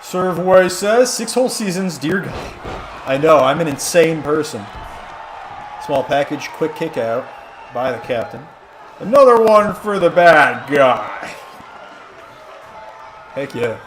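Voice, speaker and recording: A fairly high-voiced man calls a wrestling video game on a live stream in a loose, rambling, jokey way, breaking into excited play-by-play. A clear hum of background noise runs under his voice. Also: measured pace, a faint crowd. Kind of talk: casual live-stream commentary.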